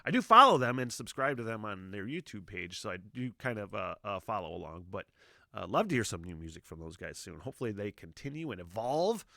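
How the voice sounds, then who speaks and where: A man's voice: lowish voice, big pitch swings, brisk, creaky, sharp tone, dry recording, studio quality. A middle-aged man hosting a music reaction video, rambling casually with lots of fillers and swearing.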